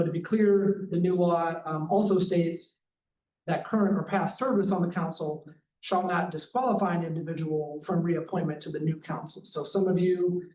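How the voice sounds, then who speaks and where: A man, an advocacy director, giving measured public comment at a council meeting and carefully reading statute text aloud. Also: on the high side, a little mellow. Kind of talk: formal public testimony. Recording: echoey, distant hall audio with faint noise.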